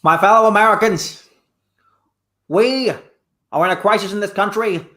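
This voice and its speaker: A stern, formal president speaks to the nation in a raised, carrying voice, put on by a man in an improv scene. He sounds measured and grave throughout. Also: sits high, fairly bright tone. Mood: solemn. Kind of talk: improvised comedy.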